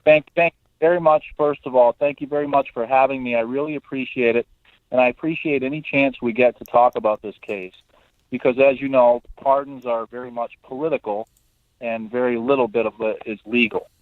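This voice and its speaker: A man's voice: mid-range voice, fairly even intonation, a little fast, no room sound. Middle-aged lawyer guy calling in, chatty and eager, phone-line sound, dry. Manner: friendly, talkative, eager. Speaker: defense lawyer guest. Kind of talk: phone interview.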